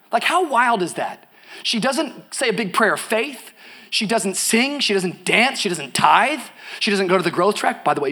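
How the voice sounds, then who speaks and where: A young man preaching with a high, bright-toned voice that climbs into shouts on his big points. He drops to a near hush for tender moments, then throws in relaxed, slangy asides to the crowd. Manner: swings from hushed storytelling to shouted emphasis; casual slangy asides to the congregation. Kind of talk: energetic sermon.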